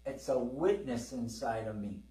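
A man's voice: medium pitch, expressive, a little slow, dark tone. A middle-aged man preaching a sermon in a conversational way, calling for amens and acting out dialogue in his stories. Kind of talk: sermon with storytelling. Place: church service. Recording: roomy, distant from the mic.

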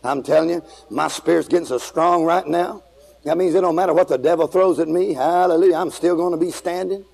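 A man preaching a fiery revival sermon to a congregation, shouting and calling for responses. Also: a little high, fairly quick, creaky, husky, poor audio. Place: church with congregation.

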